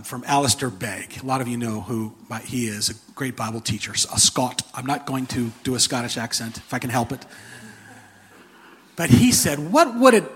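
A man preaching a sermon in an animated, conversational way, with a husky voice. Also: mid-range voice. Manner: animated, conversational, with frequent restarts and laughter. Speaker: pastor.

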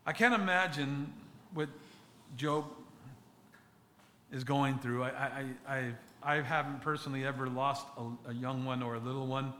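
A man preaching a sermon as a pastor, speaking earnestly and haltingly, often restarting and repeating words. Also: mid-range voice, steady tone, pushed and bright, a little hiss or hum.

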